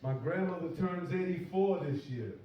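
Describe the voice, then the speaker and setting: A man's voice: high voice, expressive, moderate pace, lo-fi sound, crowd noise. A man doing a crude stand-up comedy set, telling raunchy stories. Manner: crude, boastful storytelling. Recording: echoey club heard from far.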